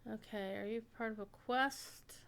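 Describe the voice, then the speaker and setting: Chatty lady gamer streaming, bright voice, bit high, faint hiss behind. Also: steady tone, measured pace, gravelly. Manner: chatty, talks to her pets and chat. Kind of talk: casual gameplay commentary.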